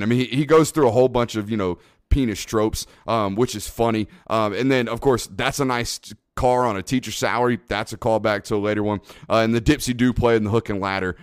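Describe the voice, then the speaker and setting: A man co-hosting a podcast in casual chat, rambling and excitable, often laughing. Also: fairly low pitch, smooth, dry recording, clean studio sound. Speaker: podcast co-host.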